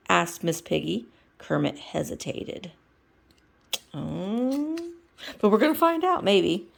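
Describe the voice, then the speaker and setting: A woman's voice: fairly low pitch, lively intonation, slow pace, vocal fry. A woman vlogger reading a storybook aloud, with chatty asides between passages.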